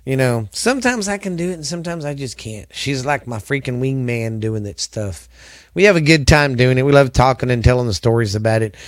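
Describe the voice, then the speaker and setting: A man's voice: medium pitch, expressive, brisk, dry recording, clean studio sound. A middle-aged man hosting a podcast, rambling in a folksy, chatty way, his sinuses a bit stuffy. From Southern United States. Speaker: podcast host. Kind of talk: casual podcast sign-off chat.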